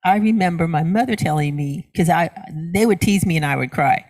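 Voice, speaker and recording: A middle-aged woman minister delivers a sermon in a fairly low, brisk, slightly mellow voice. She poses questions to the congregation and answers them herself, repeating words for emphasis.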